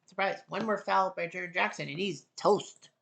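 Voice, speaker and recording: A woman's voice: lowish voice, vocal fry, breathy edge. A woman from Canada calling a basketball video game in casual solo play-by-play, with clipped calls and wry asides. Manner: clipped, rapid calls, wry asides, rising excitement near the end. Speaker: play-by-play commentator.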